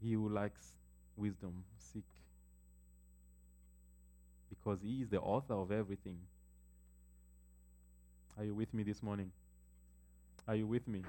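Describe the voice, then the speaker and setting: A man preaching a sermon as pastor, building emphasis and slowing down to read scripture aloud. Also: fairly low pitch, fairly even intonation, mellow.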